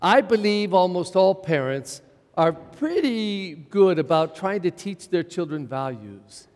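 A man's voice: high-pitched, very animated, measured pace, a little mellow. A middle-aged male pastor preaching a sermon in a church, repeating phrases for emphasis and asking the congregation rhetorical questions. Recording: church sermon with long reverb.

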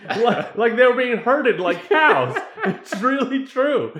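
A man in casual chat recapping a movie, animated and laughing as he acts out scenes. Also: extremely high pitch, slow pace. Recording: echoey room.

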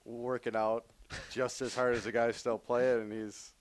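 A man's voice: medium pitch, little pitch movement, measured pace. A man, a hockey player, telling stories in a casual interview and laughing as he talks. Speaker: professional hockey player guest.

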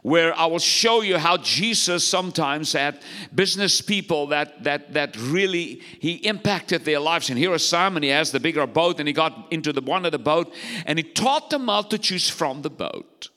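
A man's voice: on the high side, lively intonation, moderate pace, pushed and bright, big-room sound. A man preaching as pastor, exhorting the congregation and calling for their responses. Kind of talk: sermon.

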